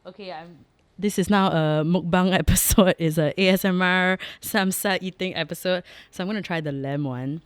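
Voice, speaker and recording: A woman's voice: on the low side, steady tone, moderate pace, clear, resonant tone, no room sound. A woman with a Singaporean accent hosting her own podcast in a studio, talking frankly and jokingly and laughing often. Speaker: podcast host. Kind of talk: casual chatty monologue. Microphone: close studio mic.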